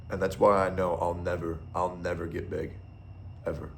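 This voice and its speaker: Deep gravelly-voiced man ranting bluntly. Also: level tone, moderate pace, a little hiss or hum. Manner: blunt, profane, opinionated. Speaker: streamer. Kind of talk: casual ranting monologue.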